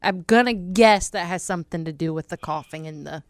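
A woman's voice: on the low side, a little fast, a little hiss or hum. A woman co-hosting a podcast, chatting casually with a wry, teasing manner. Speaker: podcast co-host. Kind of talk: casual chat.

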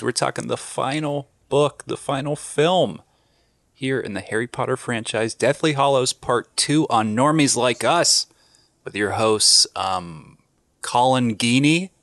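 A man's voice: medium pitch, fairly bright tone, no room sound, clean studio sound. A man hosting a podcast, introducing the episode and joking casually with his co-hosts. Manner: upbeat, joking banter. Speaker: podcast host. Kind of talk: casual chat.

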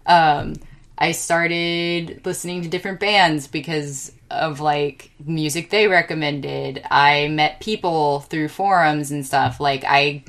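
A woman with a fairly low voice chats on a podcast, rambling from one thought to the next. She gets excitable and fills her talk with ums and restarts. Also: takes it slowly. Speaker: podcast co-host. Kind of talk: casual chat.

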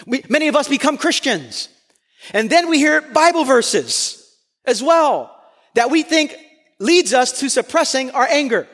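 A man preaching a sermon to a congregation, earnest and emphatic, sometimes pushing to near-shouts on key points. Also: very high voice, sing-song, a little slow. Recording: long hall reverb.

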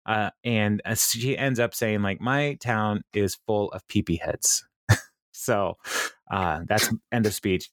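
Low-voiced man rambling through a recap. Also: takes it slowly, a bit bright, no echo, studio quality. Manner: rambling retelling, quoting characters, many fillers. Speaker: podcast co-host. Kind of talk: casual episode recap.

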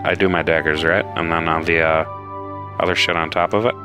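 A man's voice: low-pitched, flat delivery, brisk, music in the background. A laid-back man playing a tabletop game who declares his character's actions. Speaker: player. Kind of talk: casual tabletop play.

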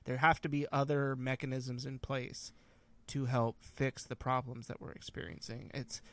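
A man's voice: medium pitch, level tone, moderate pace. A man co-hosting a podcast, chatting casually, agreeing and explaining his points. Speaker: podcast co-host. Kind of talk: casual chat.

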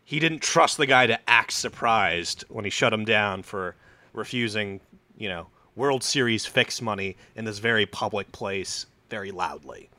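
A man spins a comic story for his co-hosts on a podcast and slips into loud, high voices for the people in it. His tone is bright, and the recording sits close and dry. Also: measured pace, no echo. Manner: acts out characters with loud, high put-on voices. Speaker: podcast host telling a story. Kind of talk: casual comedic storytelling.

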